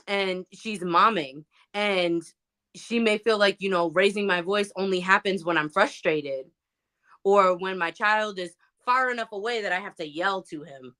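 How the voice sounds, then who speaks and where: Animated, bright-voiced woman host. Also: medium pitch. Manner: animated, emphatic, many fillers. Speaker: podcast host. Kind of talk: casual motivational talk.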